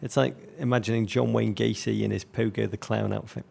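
A man from North West England hosts a football chat with a gravelly edge to his voice. He talks in a florid, joking way, stacking up vivid comparisons as he breaks down the match. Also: fairly low pitch, steady tone, a little fast, mellow. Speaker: podcast co-host.

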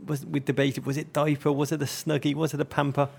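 This podcast co-host from North West England talks quickly in a higher voice with vocal fry and a slightly rough edge, his delivery completely flat. His comic football chat is florid and joking, packed with vivid comparisons.

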